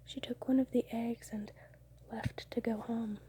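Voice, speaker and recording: A young woman whispering close to the mic at home late at night, telling her dreams in a soft ASMR style and now and then breaking into laughs. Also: a little high, steady tone, measured pace, slight background noise. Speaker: ASMR creator.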